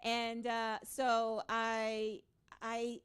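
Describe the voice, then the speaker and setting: A woman's voice: fairly high pitch, monotone, very slow, clean tone. Chatty Southern-raised woman author. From American South. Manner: warm, rambling, many fillers and restarts. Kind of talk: bookstore author conversation.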